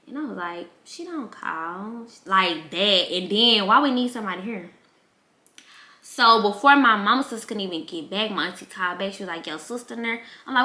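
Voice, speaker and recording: A young woman speaking in tells a personal story in a casual, candid way. Her voice is bright, and she acts out her relatives as she goes. The sound is roomy, with a noticeable echo. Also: medium pitch, normal speed. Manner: candid, emotional, animated quoting of relatives. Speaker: vlogger. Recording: echoey room.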